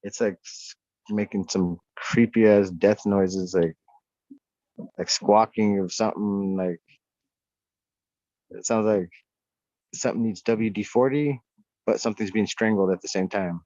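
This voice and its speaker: Profane, excitable male guest, slightly low voice, muffled remote-call audio. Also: a little slow, pauses often, dry recording. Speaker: podcast guest. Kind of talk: casual chat. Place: off-grid homestead at night.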